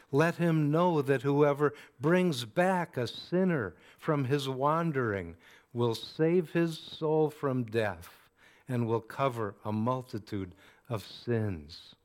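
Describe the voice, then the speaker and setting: A man preaching a sermon in a slow, measured way, with deliberate pauses between phrases. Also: a little high.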